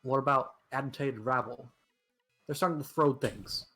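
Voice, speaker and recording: A man's voice: medium pitch, moderate pace, bright, forceful tone, soft background music, close to an everyday voice. A man voicing a brash young adventurer with a put-on Southern drawl, reading his lines hammily. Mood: bold. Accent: put-on American Southern drawl. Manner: hammy, drawling line reads.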